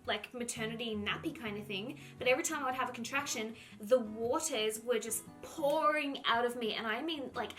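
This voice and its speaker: A woman's voice: on the high side, fairly quick, hardly any pauses, a bit bright, faint music behind. A young woman, casually telling a personal story to her viewers and filling her speech with "like". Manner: chatty, heavy use of "like", acts out her own past lines. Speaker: vlogger.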